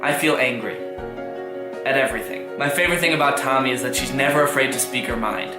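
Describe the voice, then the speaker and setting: A man's voice: mid-range voice, brisk, roomy sound, loud music behind the voice, natural voice. A young man playing an earnest fan in a parody testimonial ad.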